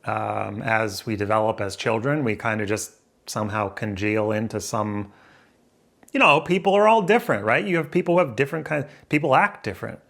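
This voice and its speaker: Fairly quick and animated, a man's fairly low voice carries vocal fry and a fairly bright tone. He's vlogging indoors by a window to a camera facing him, rambling loosely and interrogating his own thoughts.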